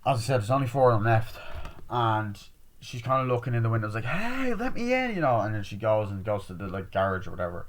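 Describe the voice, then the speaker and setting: A young man giving a casual, rambling movie review, swearing freely and acting out scenes in quick quoted voices. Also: fairly low pitch.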